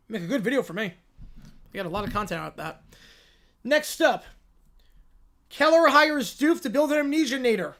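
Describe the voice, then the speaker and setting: A man narrating comedy sports skits as the host, in a dry, low-key way. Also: fairly bright tone.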